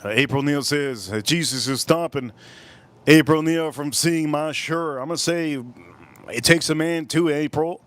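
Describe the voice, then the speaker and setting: A man hosting a casual live stream, reading out chat messages and giving shout-outs, repeating his phrases and swinging between loud bursts and low mutters. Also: a little slow. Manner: animated, reads out chat and gives shout-outs.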